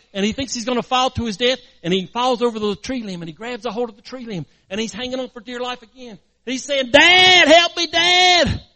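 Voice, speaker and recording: High-voiced man preaching dramatically. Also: no room sound. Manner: emphatic, repetitive, dramatic narration. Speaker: pastor. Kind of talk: sermon storytelling.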